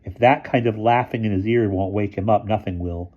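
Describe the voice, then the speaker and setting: A man voicing a dramatic teenage boarding-school boy who leads his friends, speaking loudly and indignantly. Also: on the low side, brisk, highs cut off, close to an everyday voice. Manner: loud, indignant, wailing.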